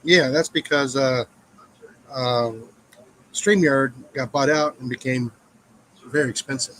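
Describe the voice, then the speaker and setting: A man's voice: medium pitch, takes it slowly, fairly bright tone, slight background noise, low-quality recording. A man chiming in on a casual live stream with brief, casual remarks.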